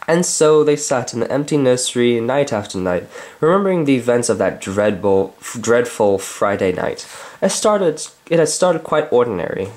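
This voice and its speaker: Sex: man. Role: reader. Style: casual storybook read-aloud with chatty, joking asides. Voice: lively pitch.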